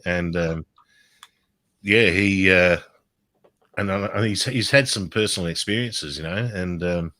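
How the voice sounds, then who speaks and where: Deep-voiced laid-back Australian man. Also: unhurried, long pauses, bright, forceful tone, dry recording, low-quality recording. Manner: laid-back, hesitant, chuckling. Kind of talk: casual chat.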